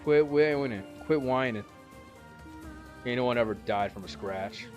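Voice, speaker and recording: A man voicing a fierce, blunt old grandmother who scolds gruffly in a story read aloud. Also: on the low side, fairly even intonation, a little slow, over music, natural voice. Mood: scolding.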